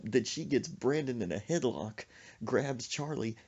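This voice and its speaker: A man's voice: medium pitch, moderate pace, a little mellow, dull audio, a little hiss or hum. A man telling a comic story on a podcast, exaggerating and making sound effects as he goes. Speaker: comedic storyteller. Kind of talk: animated comedic storytelling.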